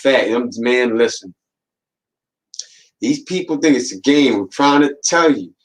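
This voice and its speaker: A man's voice: mid-range voice, expressive, measured pace, low-quality recording. A man hosting a podcast in a casual monologue, speaking in slangy, streetwise talk and warning his listeners with a repeated "man" and "watch". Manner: slangy, streetwise storytelling that acts out quoted voices. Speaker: podcast host.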